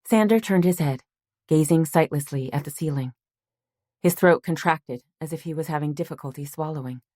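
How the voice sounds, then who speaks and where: A woman with a low voice reads an audiobook calmly and at an even, measured pace. The recording is close and dry, with no sound of the room. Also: no echo. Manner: calm, measured storytelling. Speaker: audiobook narrator. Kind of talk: scripted narration.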